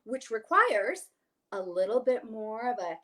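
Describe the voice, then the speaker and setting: A woman's voice: fairly high pitch, sing-song, a little slow, a bit bright. Soprano woman coaching singers. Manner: explains and then sings vowel exercises, light and joking. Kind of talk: vocal coaching demonstration.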